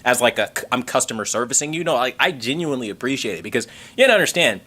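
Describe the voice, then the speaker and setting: A man hosting a tech livestream in casual chat, excitable and rambling, swearing casually and thanking members. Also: medium pitch, racing. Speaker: tech channel host reading member messages on a livestream.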